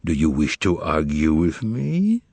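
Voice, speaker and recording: A man voicing a grave, unhurried male devil who speaks slowly and deliberately. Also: huge pitch swings, darkish tone, breathy edge, no echo, heavily acted. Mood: commanding. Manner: slow, low, deliberate.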